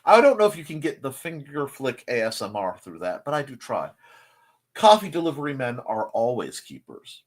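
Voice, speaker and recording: A man's voice: mid-range voice, huge pitch swings, moderate pace. A man hosting a casual live morning stream, rambling through chat greetings with jokey, self-deprecating asides. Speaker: host of a live morning show.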